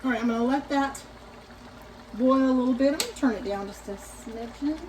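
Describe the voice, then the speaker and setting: A woman in her sixties hosting a casual cooking demonstration in her home kitchen, chatting directly to viewers and giving gentle cautions. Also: high-pitched, a little fast, slight background noise, rough recording. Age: 60s. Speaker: cooking show host.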